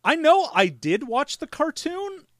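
A man's voice: very high-pitched, big pitch swings, measured pace, a bit bright, dry recording, clean studio sound. A man co-hosting a podcast in casual chat, exasperated and swearing, breaking into silly voices. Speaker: podcast co-host.

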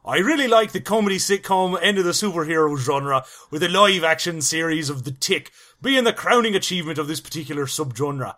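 A man voicing a gruff male British listener reading out his letter, in a mock regional accent that drifts toward an Irish lilt. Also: on the high side, a little fast, hardly any pauses, bright, forceful tone. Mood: earnest.

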